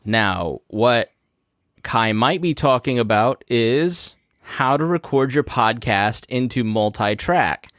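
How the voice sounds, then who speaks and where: A man's voice: mid-range voice, animated, slow pace, a bit bright, dry recording. A man hosting a podcast, explaining a topic step by step in a casual, conversational way from his studio. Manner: conversational, walks through steps plainly. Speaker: podcast host. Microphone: studio microphone through a podcast mixing board.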